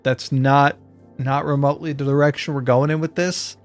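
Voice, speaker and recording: A man chatting casually with his viewers while he plays, rambling from one joke to the next. His voice sits at an average pitch, and faint game music plays quietly behind him. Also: flat delivery, moderate pace. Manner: rambling and joking, talking to chat. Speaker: streamer.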